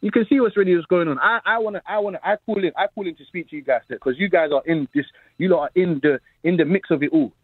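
A man with a South London accent calling in to a boxing talk show, talking fast and insistently and repeating himself. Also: sits high, slightly rough, dry recording. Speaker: caller. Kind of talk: call-in boxing debate. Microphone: phone call. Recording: tinny phone line.

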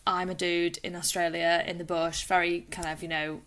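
A woman co-hosting a podcast, telling animated anecdotes with quick asides. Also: fairly low pitch. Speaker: podcast co-host. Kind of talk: casual chat.

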